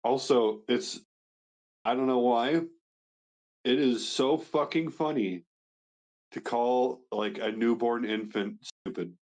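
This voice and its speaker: Brash, swearing young dad. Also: male voice, mid-range voice, slow pace, pauses often, darkish tone. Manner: brash, boastful, profane. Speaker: podcast guest. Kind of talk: casual chat.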